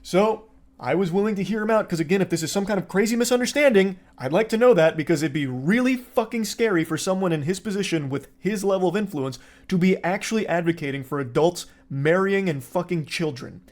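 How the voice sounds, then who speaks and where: A slightly higher-pitched man narrating his side of a dispute for a video. He sounds indignant and firm, slipping into dry sarcasm now and then. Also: animated, fairly quick, a little mellow. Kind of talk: recorded video commentary.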